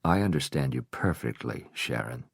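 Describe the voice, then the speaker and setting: A man voicing a grieving widow who answers in a measured, pointed way. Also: extremely low pitch, animated, gravelly, breathy edge, no room sound, studio quality, pitched below the performer's own voice, full character voice. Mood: cool, guarded. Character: grieving widow, guarded and cool.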